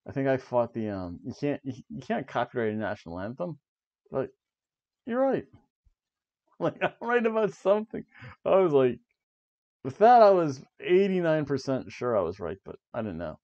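A man in his forties reviews wrestling casually from his seat, recorded on a webcam with lo-fi sound. His mid-range voice is a little mellow, and he chats away, jumping between tangents with frequent asides.

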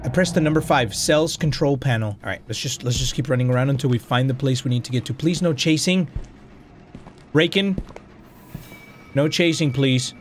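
A young man hosts a gaming video, reacting to a horror game as he plays, excitable and profane, muttering to himself and shouting at the screen. His voice sits on the high side at a normal pace, with slight background noise.

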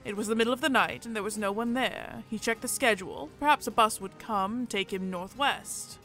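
A woman voicing a proud, scheming male peacock who tells a story in a haughty, slightly raised and louder voice. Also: fairly high pitch, fairly quick, soft background music. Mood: storytelling.

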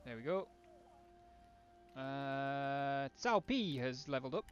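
A man's voice: mid-range voice, animated, takes it slowly, lo-fi sound, faint music behind. A man thinking aloud with wry asides as he streams a strategy game live.

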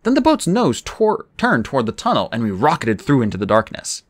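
A man narrating an adventure audiobook in the first person, with a dramatic, expressive reading. His pitch leaps around through the action beats. The recording is dry and close, with no room sound. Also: fairly quick, no room sound. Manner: expressive, dramatic reading with raised character lines. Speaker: audiobook reader.

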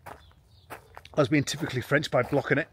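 A man's voice: medium pitch, steady tone, moderate pace, slight background noise. Chatty self-mocking man vlogging. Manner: rambling and self-mocking, with frequent restarts and chuckles. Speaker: expat family vlogger. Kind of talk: casual chatty vlog to camera. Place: in and around a home in rural France.

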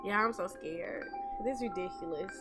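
A woman's voice: medium pitch, moderate pace, loud music behind the voice. A young woman, chatting casually over gameplay and talking to her viewers as "y'all". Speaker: gameplay commentator. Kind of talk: casual game commentary.

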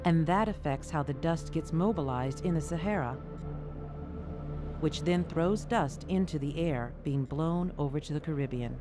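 A narrator reading a scripted documentary in an even, measured way. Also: medium pitch. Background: music.

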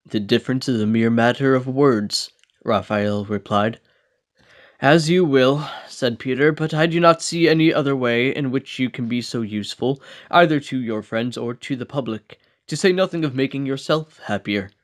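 A man reads a classic book aloud in a steady, measured way, his voice sitting at a middle pitch. The reading is plain amateur audiobook narration with a few small slips and restarts. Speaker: audiobook reader.

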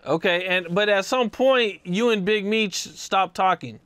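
A man hosting an interview, asking calm, brief questions. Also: sits high, measured pace, clean tone, no room sound. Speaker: interview host.

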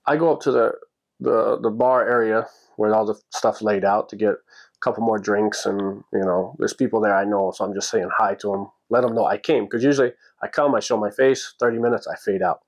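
Gravelly guy on his podcast telling a story, does everyone's voices, lots of "you know". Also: fairly low pitch, brisk. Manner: animated, acts out the voices of people in his story; plainspoken, with frequent restarts and "you know". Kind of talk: casual storytelling.

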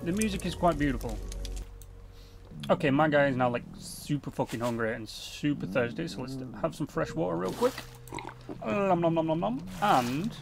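A man's voice: on the high side, creaky, background noise. A young man hosting a gaming channel, chatting casually and swearing freely at the viewers and in-game creatures. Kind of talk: casual let's-play commentary.

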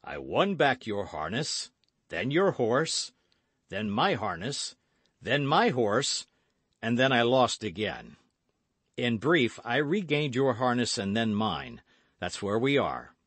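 A cool, worldly musketeer, read by a male narrator, talks slowly and deliberately with a lively melodic lift. The sound is dry and close. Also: medium pitch, no room sound, full character voice. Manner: calm, measured and deliberate.

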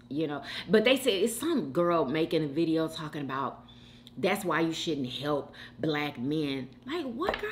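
A woman hosting a mukbang, chatting casually and animatedly with viewers and reading their comments. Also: sits low. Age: adult mother. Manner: chatty, animated, often calls listeners "girl" and "y'all".

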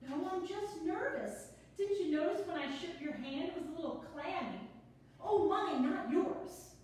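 Picture a woman reading a jittery, talkative songwriter who laughs at her own jokes. Her voice sits high and quick. The sound is roomy and echoey, caught from some way off the mic, with a little background noise. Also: animated, darkish tone. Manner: quick, jittery, self-mocking, laughs often. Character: nervous chatty young woman lyricist. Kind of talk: reader's theater play reading. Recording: echoey room, far from the mic.

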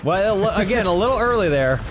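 Man, lively pitch, bossy coaching tone, clear game noise behind. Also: brisk. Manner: directing teammates, coaching. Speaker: let's play cast member. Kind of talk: casual gameplay chatter.

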